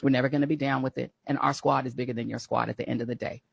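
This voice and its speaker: Husky woman ranting with emphatic repetition. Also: a bass voice, steady tone, racing, no room sound. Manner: emphatic, repetitive, mocking quoted voices. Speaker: political commentator. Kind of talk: impassioned political rant.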